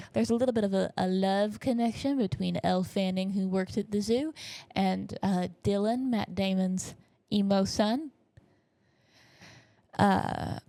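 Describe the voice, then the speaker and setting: Young woman podcast host, chatty rambler, vocal fry, dry close mic. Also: mid-range voice, darkish tone, no room sound. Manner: rambling, self-correcting, jokey storytelling. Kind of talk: casual chat.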